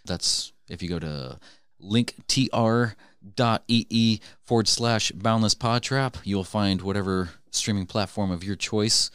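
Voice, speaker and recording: A man co-hosting a casual podcast chat with deadpan jokes. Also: fairly low pitch, a little slow, clean tone, no room sound, clean studio sound. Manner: deadpan joking. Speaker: podcast co-host.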